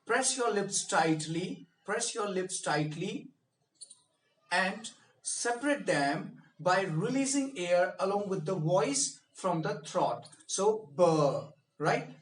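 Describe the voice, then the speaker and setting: High-voiced man coaching pronunciation slowly. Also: lively intonation, recorded from a distance. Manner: repeats and drills each word slowly. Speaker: speech coach. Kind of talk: pronunciation lesson. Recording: echoey room, mic set back.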